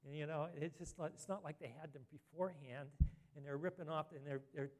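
A man's voice: on the high side, steady tone, brisk. A man preaching an earnest sermon as a pastor, rising to emphatic scripture reading.

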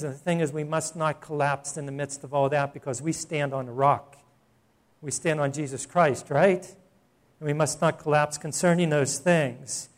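A man preaching a sermon in a conversational way, often asking the congregation questions. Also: a little high. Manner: conversational preaching with rhetorical questions and soft laughs. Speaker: pastor.

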